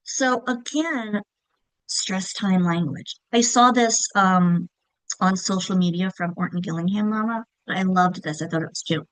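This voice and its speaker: With a medium-pitched voice and a measured pace, a middle-aged woman from Long Island gives an instructional talk on reading. The audio is poor though free of echo. Her style is explanatory, dotted with frequent "right?" check-ins.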